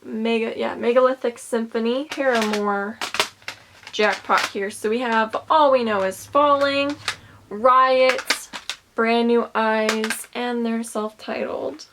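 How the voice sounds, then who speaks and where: A young woman chatting casually in a show-and-tell vlog, listing things with bursts of excitement. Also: fairly high pitch, takes it slowly, noisy background. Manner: chatty, enthusiastic, lists items with bursts of excitement. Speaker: vlogger.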